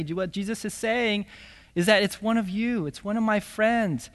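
Male pastor, sermon, slightly high voice, long hall echo, rhetorical asides. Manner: slow, emphatic preaching with rhetorical "right?" asides.

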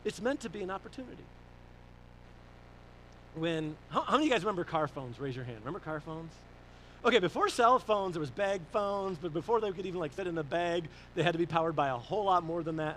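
A man preaching a sermon, telling stories in a lively conversational way, with restarts and rising emphasis on his questions. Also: high-pitched, a little hiss or hum, rough recording.

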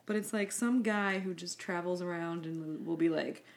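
Low-voiced young woman, easygoing co-host. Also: normal speed. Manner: relaxed, frequent short agreements. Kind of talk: casual chat.

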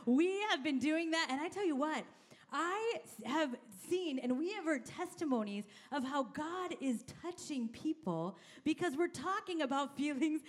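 A middle-aged woman pastor giving an energetic, conversational sermon and calling out to her congregation. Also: high voice, measured pace.

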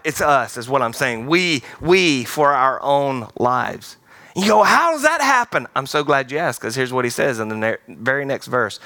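A man preaching a sermon, animated and playful, acting out quoted voices and laughing now and then. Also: fairly high pitch, no room sound. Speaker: pastor. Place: large theater-style church hall.

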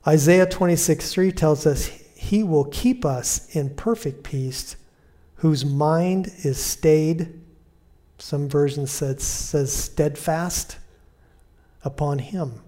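A man preaching a conversational sermon, repeating key phrases and slowing down to quote Scripture softly. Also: fairly high pitch. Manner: slows and softens when quoting Scripture.

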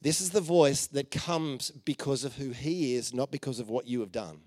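A man preaching a conversational sermon, telling stories with playful jokes and asides, and dropping to a soft voice for emphasis. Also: mid-range voice, normal speed, dry recording. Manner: informal and joking, with many fillers and playful asides.

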